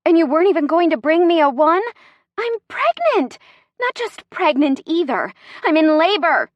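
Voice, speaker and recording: A woman's voice: sits high, moderate pace, fairly bright tone, dry recording, lo-fi sound, voice pushed up. A woman voicing a brash, demanding pregnant woman in labor, indignant and bossy. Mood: outraged.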